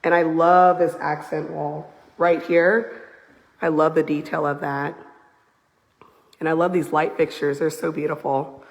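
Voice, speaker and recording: A hoarse woman, a real estate agent showing a house on a live phone video, gushing as she walks through it. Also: low voice, little pitch movement, unhurried. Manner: gushing, enthusiastic, repeats "beautiful" and "I love". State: hoarse, lost voice. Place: walking through a large house, indoors and out. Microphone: handheld phone camera.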